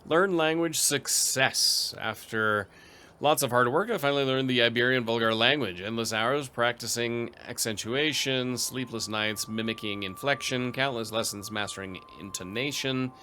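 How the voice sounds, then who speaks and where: A man with a bright, crisp voice narrating his strategy game, reading events and tossing in dry asides. There is a faint background hiss, and his pitch sits in an ordinary middle range. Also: normal speed. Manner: dry, wry asides, reads event text aloud. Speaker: let's play host. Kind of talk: gameplay commentary reading event text.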